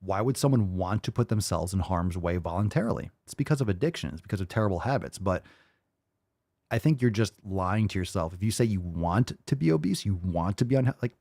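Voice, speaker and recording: A podcast host giving blunt, mocking reaction commentary, often profane. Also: male voice, sits low, expressive, fairly quick, gravelly, darkish tone, no room sound, studio quality.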